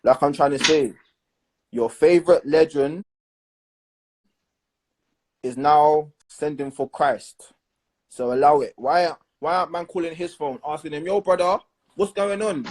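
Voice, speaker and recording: A young man hosting a casual chat, giving blunt, animated opinions packed with slang. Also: a little high, measured pace, pauses often. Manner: blunt, animated, leans on slang and "do you understand".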